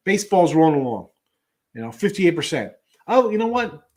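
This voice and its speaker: A man's voice: a little high, very animated, brisk, a little mellow. A middle-aged man hosting a sports betting show, talking casually in a rambling way with lots of fillers and restarts.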